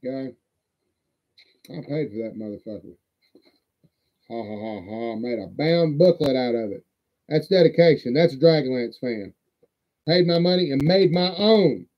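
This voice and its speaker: A man's voice: mid-range voice, moderate pace, long pauses. Folksy, cussing man on a lo-fi stream. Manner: folksy, profane, rambling. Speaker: livestream host. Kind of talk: casual livestream show-and-tell. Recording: dull lo-fi stream audio.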